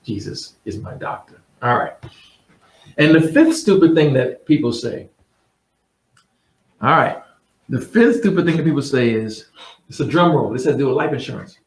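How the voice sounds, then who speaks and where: A man's voice: mid-range voice, big pitch swings, normal speed, pauses often. Blunt, mocking male host. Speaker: host giving insurance advice. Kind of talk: casual talk to camera. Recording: roomy sound, mic at a distance.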